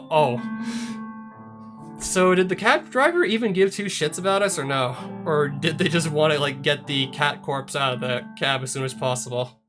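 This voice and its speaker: A man reading a visual novel aloud as a let's play host, breaking off for sardonic asides with swearing, with soft guitar music behind him. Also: fairly high pitch, lively intonation, moderate pace.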